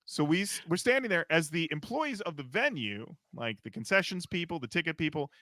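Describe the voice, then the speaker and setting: A man co-hosting a podcast, telling a story in a lively, animated way. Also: fairly high pitch, a little fast, no room sound, clean studio sound. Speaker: podcast co-host. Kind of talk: casual chat.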